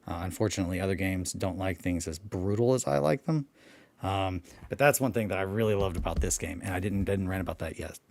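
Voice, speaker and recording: A man's voice: deep voice, a little mellow, no room sound. A man who has just woken up, rambling casually about his tabletop hobby, often breaking off and swearing freely. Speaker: hobby vlogger.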